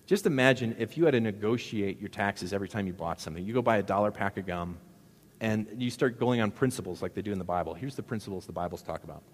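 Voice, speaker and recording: Lower-voiced pastor in a reverberant hall. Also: male voice, fast talker. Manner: conversational, jokey preaching with rhetorical questions. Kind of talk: sermon. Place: church sanctuary.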